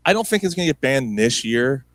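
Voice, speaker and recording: Animated man in casual sports banter. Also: medium pitch, a little fast, dry recording. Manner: animated, laughs often, drops into impressions. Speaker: podcast co-host.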